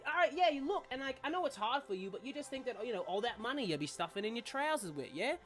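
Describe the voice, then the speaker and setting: A woman's voice: on the high side, very animated, fast talker, faint music behind, voice pushed up. A woman voicing a sly, coaxing disembodied voice that teases and wheedles. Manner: wheedling, teasing.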